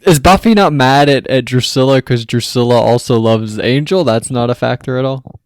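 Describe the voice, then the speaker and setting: A man's voice: medium pitch, moderate pace, no room sound, clean studio sound. A man co-hosting a podcast, recapping an episode in casual chat, rambling and full of questions. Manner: rambling, asks many questions, mimics characters. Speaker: podcast co-host.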